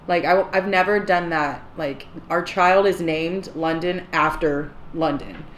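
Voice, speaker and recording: A woman's voice: lowish voice, fairly even intonation, measured pace. A young American woman chatting casually to camera as a vlogger, laughing often and poking fun at herself. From United States. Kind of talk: casual couple chat to camera. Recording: echoey room with faint background hiss.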